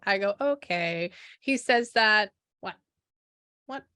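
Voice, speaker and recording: A woman psychic medium recounting a reading to a client in lively back-and-forth, acting out the dialogue she quotes. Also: medium pitch, slow pace, no room sound, studio quality. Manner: animated, acts out quoted dialogue, frequent "I go, she goes". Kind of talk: relaying a spirit reading to a client.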